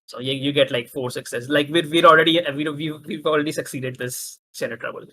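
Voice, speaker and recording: Guy game master, bright sharp voice, keeps restarting his sentences. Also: a little high, steady tone, poor audio. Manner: halting, many restarts and fillers. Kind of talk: narrating a tabletop game.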